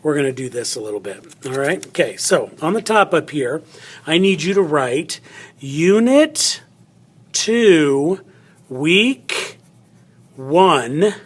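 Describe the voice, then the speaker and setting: Middle-aged guy teacher doing a phonics lesson, slightly high voice, chatty, thinks out loud. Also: sing-song, takes it slowly, slightly rough. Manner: chatty, thinks aloud while cutting and writing.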